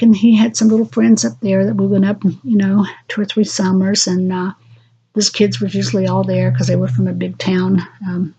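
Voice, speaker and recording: An older woman recounting family memories into a home recorder, speaking haltingly with frequent pauses and fillers. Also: medium pitch, gravelly, dark tone, slightly rough. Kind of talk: unscripted personal memoir. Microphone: handheld voice recorder. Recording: dull lo-fi home recorder audio.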